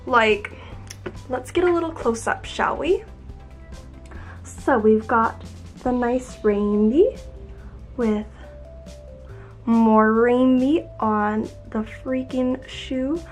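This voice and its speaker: Bubbly high-voiced young woman gushing. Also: slow pace, fairly bright tone, soft background music. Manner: bubbly and gushing, lots of "oh my gosh". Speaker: YouTube vlogger. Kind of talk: excited unboxing vlog.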